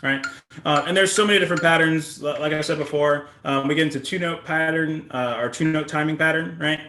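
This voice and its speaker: Relaxed male drum teacher, echoey room. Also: on the high side, brisk, background noise. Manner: relaxed, often ends with "right?". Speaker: drum instructor. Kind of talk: casual instructional talk.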